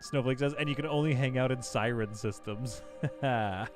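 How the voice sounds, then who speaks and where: A man's voice: mid-range voice, moderate pace, over music. A man casually chatting on a live game stream, reading out viewer messages and laughing often. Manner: chatty, reads chat aloud, laughs often. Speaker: livestream gamer host.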